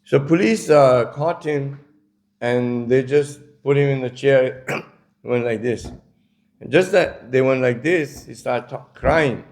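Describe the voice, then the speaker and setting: A man's voice: mid-range voice, takes it slowly, a little mellow. A man delivering a conversational religious lecture, telling stories with many casual asides. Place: community centre lecture.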